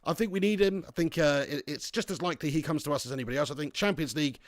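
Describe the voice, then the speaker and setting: Chatty guy hosting a football watch-along, jokey rambling banter, slightly high voice, dry sound. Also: racing, no echo. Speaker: livestream host reading viewer chat.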